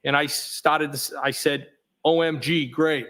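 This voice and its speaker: His pitch sits on the high side and he goes a little slowly as he reads texts aloud from the witness stand in a courtroom. The tone is level and matter-of-fact, and he voices the punctuation too.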